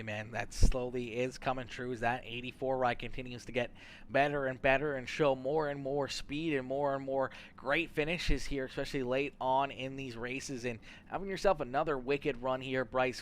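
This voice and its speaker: A man's voice: medium pitch, fairly even intonation, moderate pace, slight background noise. A young Canadian man hosting a sim racing broadcast, upbeat and chatty with lots of fillers. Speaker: race broadcaster. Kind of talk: sim racing commentary and interviews.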